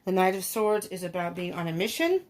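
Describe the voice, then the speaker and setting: A woman with a lowish, darkish, sing-song voice gives her viewers a casual tarot reading at a brisk pace. She thinks aloud with many ums and laughs often.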